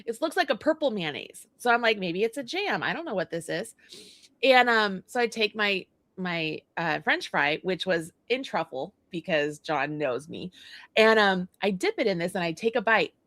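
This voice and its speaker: Bright, lively middle-aged woman storyteller. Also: mid-range voice, moderate pace, dry recording. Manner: animated, acts out dialogue, laughs often. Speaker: co-host. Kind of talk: casual storytelling chat.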